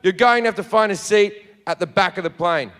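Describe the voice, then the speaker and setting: A man's voice: high-pitched, a little fast, a bit bright, smooth. A man voicing a stern, officious female flight attendant who speaks firmly.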